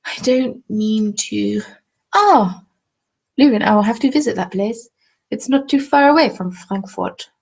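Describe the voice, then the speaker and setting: A woman's voice: on the high side, expressive, a little slow, vocal fry, rough recording. A young woman hosting a crafting live stream, chatting casually and reading viewers' comments with self-deprecating, apologetic asides. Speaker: crafting livestream host.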